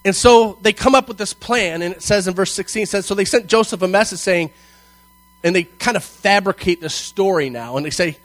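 A man's voice: high-pitched, fairly bright tone, dry recording, poor audio. A man preaching a sermon, reading scripture and explaining it in a conversational, emphatic way, often checking in with "okay?". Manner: slows and stresses key phrases, rising in intensity.

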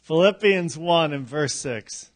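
Middle-aged male pastor, high-pitched, slow and emphatic delivery, light humor. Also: expressive. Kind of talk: sermon.

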